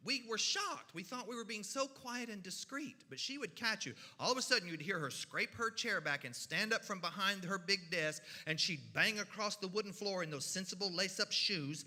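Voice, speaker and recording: Bright-voiced storyteller in a hall. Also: male voice, sits high, normal speed, hardly any pauses. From Kentucky mountains. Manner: animated, folksy, sound effects and voices. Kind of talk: humorous storytelling. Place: church hall. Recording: reverberant hall.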